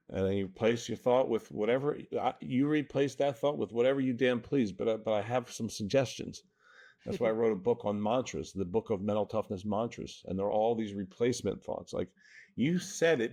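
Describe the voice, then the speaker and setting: A male mental toughness coach from New Jersey guests on a podcast interview, explaining things. His voice is on the low side and a little mellow. He's earnest and emphatic, frequently checking in with "right?"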